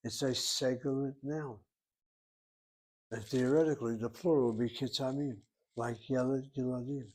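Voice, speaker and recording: A man's voice: medium pitch, fairly even intonation, moderate pace, darkish tone. A man teaching a Hebrew grammar lesson, working through each word step by step and reasoning aloud as he goes. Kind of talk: grammar lecture.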